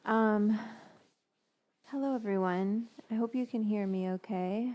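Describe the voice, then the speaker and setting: A woman's voice: medium pitch, a little slow, dull audio. Woman host for a casual cooking live stream, chatty and rambling, with offhand swearing.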